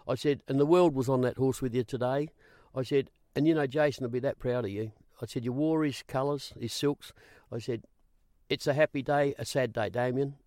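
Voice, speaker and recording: Brief: older Australian male guest, lively yarn-spinner who acts out quoted dialogue, dry close recording. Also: mid-range voice, no echo. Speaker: guest, former racing reporter. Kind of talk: storytelling interview.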